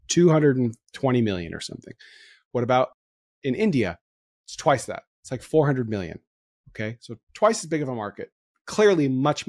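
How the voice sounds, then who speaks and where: A man hosts a podcast in loose, casual chat. He is excitable and laughs easily, jumping from one idea to the next. His voice sits mid-range, recorded close and dry. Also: mid-range voice, no room sound. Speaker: podcast host.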